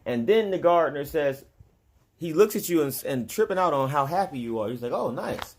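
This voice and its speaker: A man's voice: on the high side, animated, brisk, a little mellow. A man talking straight to his viewers in a loose, digressive monologue, often restarting and chuckling between points. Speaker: vlogger. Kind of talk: casual rambling monologue.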